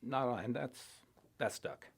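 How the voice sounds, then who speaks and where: An older man sharing his personal faith testimony in a halting, reflective way, with pauses and short laughs between thoughts. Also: mid-range voice, gravelly, slightly rough. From Illinois, US. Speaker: church member sharing testimony.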